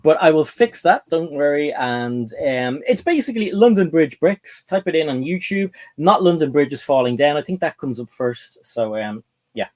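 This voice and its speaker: A man's voice: fairly high pitch, lively intonation, moderate pace, a little mellow. A man hosting a casual livestream chat, rambling on and reading out viewer comments. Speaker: host.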